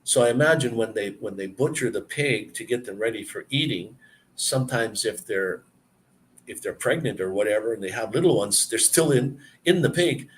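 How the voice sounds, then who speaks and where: A man hosting a live stream, telling a story and answering viewer comments in a relaxed, chatty way. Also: mid-range voice, normal speed, a little hiss or hum. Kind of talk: casual live-stream chat.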